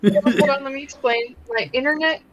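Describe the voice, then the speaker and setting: A woman's voice: sits high, moderate pace, slight background noise, poor audio. A woman in casual chat talking through her phone, explaining and sympathizing. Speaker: player.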